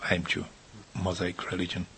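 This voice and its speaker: An older man from the Czech Republic answers interview questions in non-native English with a noticeable Czech accent. His voice is husky, and his speech stops and restarts as he hunts for the right words. He sounds like someone in his sixties. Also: low voice, completely flat delivery, a bit bright. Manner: halting, frequent restarts and repeated words. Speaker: interviewed author.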